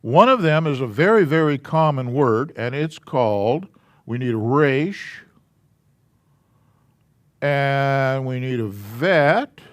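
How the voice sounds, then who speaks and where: Slow patient man teaching a class. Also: mid-range voice, animated, no echo. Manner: slow, patient, explaining step by step. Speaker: Hebrew alphabet teacher. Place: church classroom.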